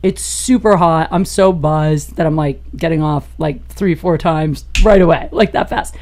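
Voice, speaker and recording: Woman telling a wild story on a podcast. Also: a little slow. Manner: animated, gets loud and high-pitched as the story peaks; laughs through her own story. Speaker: comedian guest on a podcast. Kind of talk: raunchy anecdotal storytelling.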